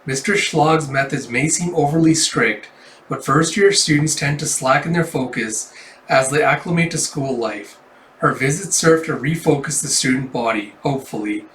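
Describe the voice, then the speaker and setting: A man voicing a prim, formal older male schoolmaster, speaking in a stiff, measured, proper way while reading a comic aloud. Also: fairly high pitch, fairly bright tone, a little hiss or hum, close to an everyday voice. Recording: roomy, distant mic.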